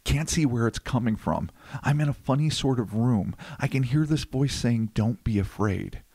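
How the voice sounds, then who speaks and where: A man's voice: mid-range voice, moderate pace, dark tone, breathy edge, dry recording. A man hosting a podcast, reading case narration and riffing in a casual, profane, joking way. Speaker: podcast host.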